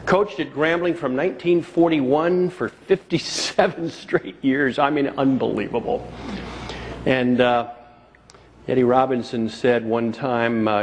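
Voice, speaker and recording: Before a live conference crowd, a man gives a motivational keynote, weaving in stories and returning to key phrases to drive them home. He speaks a little slowly at a medium pitch, with slight background noise in the recording.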